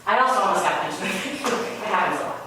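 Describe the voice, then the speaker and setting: A woman delivers a sermon in a loose, conversational storytelling manner at a medium pitch. Her voice sits well back from the microphone. A heavy echo fills the hall, and a clear hum of room noise sits underneath her. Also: expressive, quick pace. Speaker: spiritual speaker. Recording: very echoey room, voice far from mic, ambient noise.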